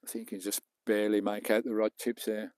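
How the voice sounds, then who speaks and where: A man's voice: fairly low pitch, little pitch movement, fast, darkish tone, clean tone, dry recording. A British man live-streaming from a beach while fishing, chatting casually and bantering with viewers, with some mild swearing. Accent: British English. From England. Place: outdoors on a beach at night.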